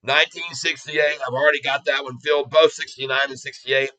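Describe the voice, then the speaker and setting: Bright, upbeat male livestream host. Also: mid-range voice, brisk, low-quality recording. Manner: excitable, bursts of cheering. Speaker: livestream stock trader. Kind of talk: casual livestream commentary.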